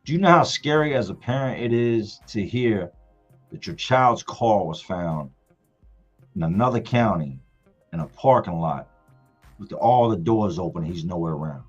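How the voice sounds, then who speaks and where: On a relaxed live stream, a middle-aged father with a deep, husky voice shares a family story at a normal pace, sounding animated. He stresses and repeats words for effect, and the dull, lo-fi audio carries faint music beneath him.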